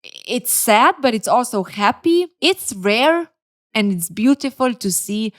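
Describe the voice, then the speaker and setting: A woman's voice: on the high side, big pitch swings, takes it slowly. A woman recapping and reviewing a reality dating show in casual commentary, blunt and opinionated, openly emotional.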